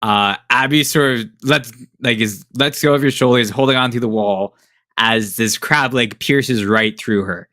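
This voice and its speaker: Slow-talking, bright-voiced game master man. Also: medium pitch, no room sound, clean studio sound. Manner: casual, hesitant, with many fillers and chuckles. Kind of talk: narrating a tabletop game.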